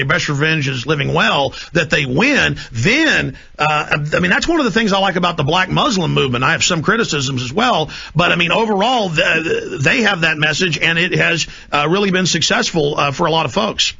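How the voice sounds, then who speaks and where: Conversational male radio guest, husky and gravelly, muffled lo-fi broadcast audio. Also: fairly high pitch, animated, normal speed, few pauses, bright, forceful tone. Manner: conversational, thoughtful, with fillers.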